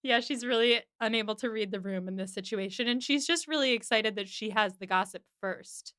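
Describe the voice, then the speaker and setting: A woman's voice: a little high, brisk, clear, resonant tone, no echo, studio quality. A woman hosting a podcast, recapping an episode in casual chat and acting out the characters' lines. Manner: animated, acts out lines of dialogue.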